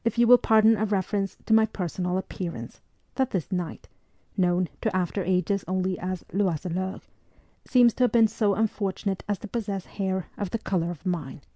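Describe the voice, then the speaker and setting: A woman narrating a historical novel aloud, reading in a measured, even way and giving the dialogue soft voices. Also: mid-range voice, no echo. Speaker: audiobook narrator.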